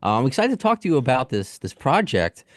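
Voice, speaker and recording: A man's voice: mid-range voice, very animated, a little fast, no room sound. A man in his forties with a New York accent, hosting a podcast interview in a friendly, rambling, self-deprecating way full of restarts. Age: 40s. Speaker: podcast host. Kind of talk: casual interview.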